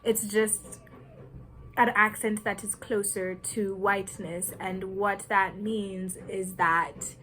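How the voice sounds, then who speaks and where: Woman, from Kenya, earnest reflective monologue, unhurried, deliberate, nervous laughs, faint background hiss. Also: mid-range voice, little pitch movement, fairly bright tone, rough recording. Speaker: vlogger.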